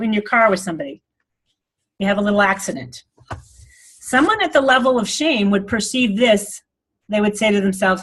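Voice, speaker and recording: A woman's voice: on the high side, a bit bright, husky. A woman giving an earnest, rambling spiritual talk to an online group, laughing often. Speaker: spiritual teacher.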